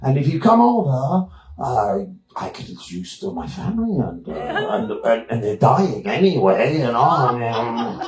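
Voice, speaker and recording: A man's voice: medium pitch, sing-song, measured pace, roomy sound, poor audio. A man voicing a bossy young Austrian woman in clipped broken English, with a put-on Austrian German accent. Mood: scheming.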